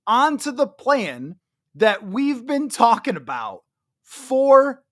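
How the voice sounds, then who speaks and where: A man's voice: extremely high pitch, sing-song, slow pace, a bit bright. A man hosting a solo sports podcast, giving chatty, emphatic commentary with self-mocking asides. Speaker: podcast host.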